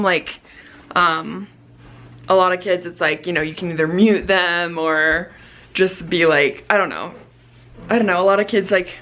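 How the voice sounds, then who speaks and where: A woman's voice: lowish voice, a bit bright. Chatty young woman rambling in a vlog. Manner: chatty, rambling, lots of fillers. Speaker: vlogger and teacher. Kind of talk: casual vlog chat.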